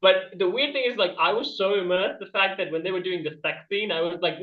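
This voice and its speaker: A man's voice: high voice, a little fast, hardly any pauses, reverberant, far from the mic, lo-fi sound. A man doing a rambling stand-up comedy bit over a video call, laughing at his own jokes. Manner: rambling and self-amused, laughing at his own jokes, with jumpy shifts in loudness.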